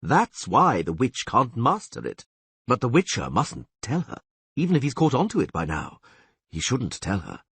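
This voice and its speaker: A man's voice: mid-range voice, wildly swooping pitch, a bit bright, slightly rough, no echo, full character voice. A man doing a gloomy, grave priest. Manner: gloomy, measured. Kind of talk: audiobook character voice.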